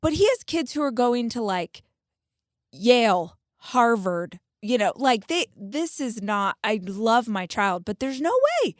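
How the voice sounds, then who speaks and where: A woman in her forties hosting a podcast, telling stories in an animated, expressive, casual way. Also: on the high side, measured pace, no room sound, studio quality. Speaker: podcast host. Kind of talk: casual chat.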